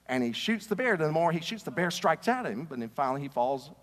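A middle-aged man, a pastor giving a sermon, who swings between loud, emphatic preaching and low, hushed storytelling. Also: sing-song, fairly quick. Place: church sanctuary. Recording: long reverb of a large church room.

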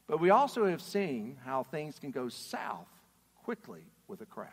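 Animated preacher guy, big reverb hall, asks the crowd stuff. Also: medium pitch, a little slow, slightly rough. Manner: animated, emphatic, asks the audience questions. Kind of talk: sermon.

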